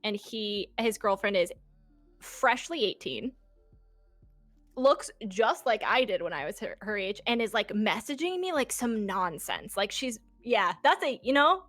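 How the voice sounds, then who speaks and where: A woman in her twenties, a guest telling a personal story in casual chat, animated and swearing, laughing often and acting out quotes. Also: mid-range voice, measured pace, no echo, soft background music. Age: 20s.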